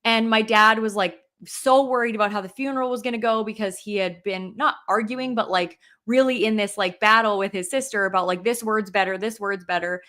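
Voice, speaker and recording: A young adult woman speaks briskly with few pauses in a sharp, mid-range voice while co-hosting a podcast. She recounts a personal story casually, showing her emotions openly and leaning heavily on "like."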